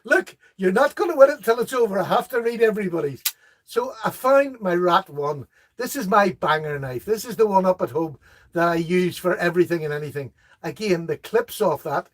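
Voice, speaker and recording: A chatty middle-aged man with a high voice for a man hosts a relaxed live knife chat stream, talking briskly. He reads viewer comments aloud, laughs easily at their jokes, and rambles on in a friendly way.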